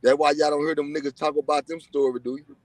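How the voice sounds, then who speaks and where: A man's voice: a little high, little pitch movement, fast talker, a little mellow, no echo. A man from Texas, telling prison stories in a profane, boastful, rambling way. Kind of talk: casual livestream chat.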